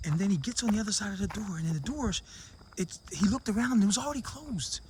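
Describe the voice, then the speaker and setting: A man with a high voice tells a long joke in a loose, casual way, jumping into the characters' voices as he goes. He talks outdoors, with a faint hum of crickets behind him. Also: fast. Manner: animated joke-telling, acting out the characters in raised voices. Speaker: vlogger living abroad. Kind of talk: casual storytelling to camera.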